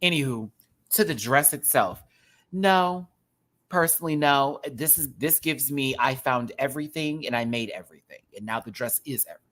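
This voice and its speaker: A man hosting a live-streamed casual review chat, rambling and animated, laughing often and full of fillers. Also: medium pitch, moderate pace. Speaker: host reviewing a TV show.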